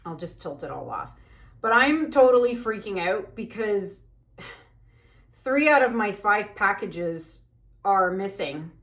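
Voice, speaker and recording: A woman's voice: mid-range voice, expressive, takes it slowly, fairly bright tone. A woman chatting casually while she paints, venting anxiously in a rambling way with many fillers. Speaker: fluid art painter and channel host.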